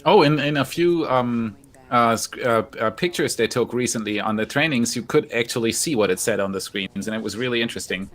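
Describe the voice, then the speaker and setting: A man's voice: medium pitch, fairly quick, a bit bright. A man co-hosting a live stream, chatting casually and reading out viewer comments. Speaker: livestream co-host.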